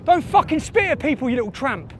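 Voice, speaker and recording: High-pitched, lively, angry man. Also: fast talker, a little hiss or hum. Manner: aggressive, swearing, repetitive accusations. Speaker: filmmaker confronting people on camera. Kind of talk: heated street confrontation. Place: outdoors in a car park.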